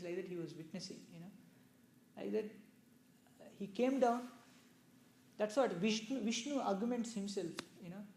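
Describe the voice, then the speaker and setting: Man, religious storyteller, conversational explaining, frequent casual asides, mellow tone, roomy echo. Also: high voice, normal speed, gravelly, pauses often, a little hiss or hum. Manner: loose, explanatory, with many "you know" asides. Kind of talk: conversational scripture discourse with questions. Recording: echoey room.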